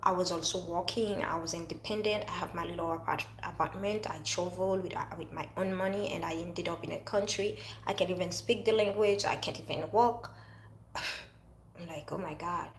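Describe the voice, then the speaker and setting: A woman's voice: fairly low pitch, fairly even intonation, fairly quick, hardly any pauses, roomy sound, a little hiss or hum, rough recording. A woman with a French accent speaking earnestly in a casual motivational monologue, often restarting her phrases. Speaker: vlogger.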